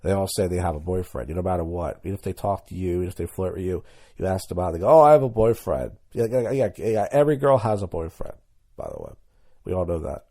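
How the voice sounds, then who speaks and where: A man's voice: sits low, animated, quick pace, gravelly, mellow. A young adult man hosting a podcast, telling crude, rambling comedic stories and mimicking people he quotes. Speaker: podcast host. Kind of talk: comedic monologue.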